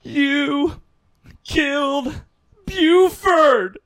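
A man putting on his mother's voice, a middle-aged woman screaming in shrill hysterical panic. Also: extremely slow, a bit bright, no room sound, exaggerated voice. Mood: frantic.

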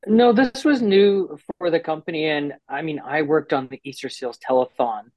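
Man, interview, animated, restarts often, quotes people, slightly high voice. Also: normal speed, no room sound, lo-fi sound.

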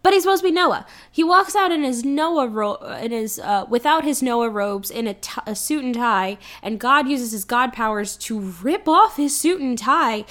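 A woman's voice: on the high side, moderate pace, few pauses. A woman in casual chat about a film, retelling scenes with quoted lines and frequent swearing. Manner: animated, swears, acts out movie lines.

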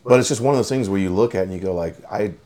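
A podcast co-host with a lowish, mellow voice talks very fast in casual chat. He tells stories in a rambling way, loaded with fillers.

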